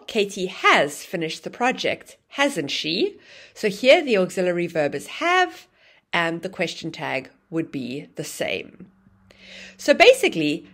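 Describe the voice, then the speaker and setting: A woman teaching an English grammar lesson, explaining clearly and acting out example phrases with exaggerated rising and falling intonation. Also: fairly low pitch, fairly bright tone.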